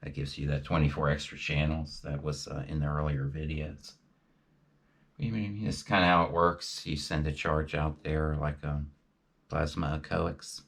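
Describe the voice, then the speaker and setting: A man talking in a rambling, halting monologue with many fillers and restarts. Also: rumbling low, flat delivery, creaky, fairly bright tone. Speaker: video host.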